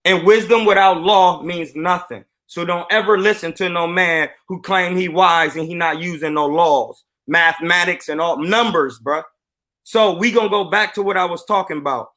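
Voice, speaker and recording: Boxing coach guy on a live stream, high bright voice, bragging his way through a story. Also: moderate pace. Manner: animated, boastful storytelling.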